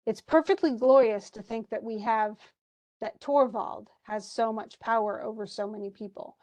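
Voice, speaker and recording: A woman's voice: on the high side, steady tone, moderate pace, darkish tone. A woman teaching a play, reading passages aloud and stopping in a casual, conversational way to explain what the characters mean. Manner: conversational, stops to explain lines. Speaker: literature teacher.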